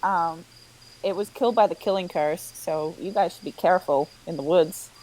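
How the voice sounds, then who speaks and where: A woman's voice: on the low side, normal speed, warm tone, a little hiss or hum, low-quality recording. A woman player speaking in character during a tabletop role-playing game, in a casual, chatty and giggly way.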